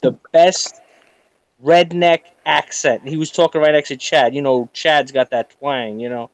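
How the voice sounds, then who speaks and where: A man's voice: medium pitch, fairly quick, no room sound. A middle-aged man from New York chatting on a late-night live stream, telling stories with lots of animation. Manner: animated storyteller, acts out others' voices. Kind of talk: casual late-night chat.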